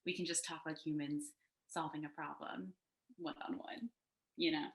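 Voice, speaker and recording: Animated chatty woman on a video call. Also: sits low, normal speed, echoey room. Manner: animated, talkative, frequent "like" fillers. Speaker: co-founder and co-host of a design panel. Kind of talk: casual panel chat. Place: home, sitting on a couch.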